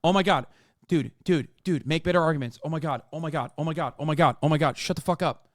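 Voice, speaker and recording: Heated and foul-mouthed, this thirtysomething streamer fights with his chat while reacting to a political interview. He speaks fast in a fairly high pitch. The audio is dry and studio-clean.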